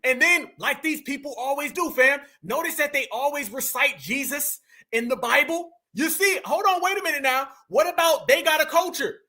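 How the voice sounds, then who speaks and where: A man giving mocking reaction commentary on a video clip, emphatic and shouting at times. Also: extremely high pitch, moderate pace.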